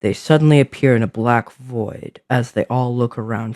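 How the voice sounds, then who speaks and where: A man's voice: medium pitch, normal speed, a little mellow, no room sound, clean studio sound. A man narrating a fantasy adventure story, describing scenes with small slips.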